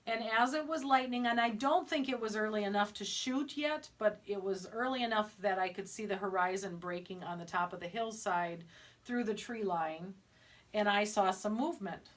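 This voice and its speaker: A middle-aged woman retelling a hunting trip in casual conversation, lively and vivid. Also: mid-range voice, moderate pace. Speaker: podcast co-host. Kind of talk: casual storytelling.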